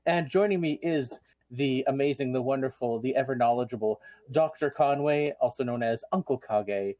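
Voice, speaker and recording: A man's voice: medium pitch, moderate pace, a little mellow, no room sound. Rambling man hosting a panel. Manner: rambling, full of ums and restarts. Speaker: convention chair, panel host.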